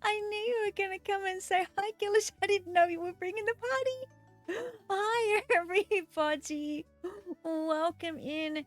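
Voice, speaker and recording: A woman game streamer chatting casually and excitedly with her live viewers while she plays, giggling often. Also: extremely high pitch, normal speed, faint music behind.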